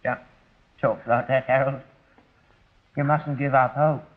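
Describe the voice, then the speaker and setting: A man's voice: medium pitch, little pitch movement, a little slow, lightly acted. An actor playing a grumpy, tight-fisted old rag-and-bone father, nagging and defensive in 1960s sitcom style. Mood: scolding. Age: older. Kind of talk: 1960s television sitcom acting. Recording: dull lo-fi 1960s TV sound.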